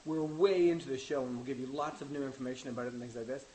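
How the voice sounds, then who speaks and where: A man's voice: mid-range voice, very fast, mellow, a little hiss or hum, rough recording. A man, the episode's director, chatting easily on a commentary and explaining how they work. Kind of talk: casual commentary chat.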